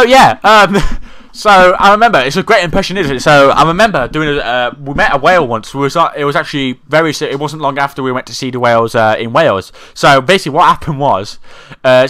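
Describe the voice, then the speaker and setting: A man's voice: medium pitch, fast, few pauses, bright, forceful tone, dry recording. A man hosting a chaotic comedy podcast, rambling through a story full of fillers and silly asides. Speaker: podcast host.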